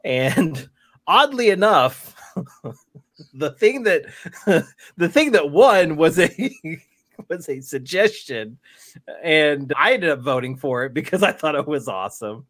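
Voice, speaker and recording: A man's voice: fairly high pitch, animated, slow pace, a bit bright, no room sound. A man hosting a podcast in casual chat, rambling and laughing through his words. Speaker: podcast host.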